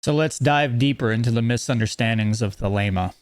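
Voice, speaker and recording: Man giving a measured lecture. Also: mid-range voice, no echo. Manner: explanatory, measured, reads principles aloud then comments. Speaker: teacher. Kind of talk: lecture on esoteric teachings.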